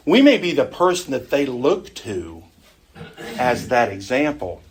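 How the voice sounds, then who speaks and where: A man's voice: medium pitch, sing-song, a little slow, breathy edge. A middle-aged man teaching an adult Sunday school class in a conversational way, often putting questions to the group.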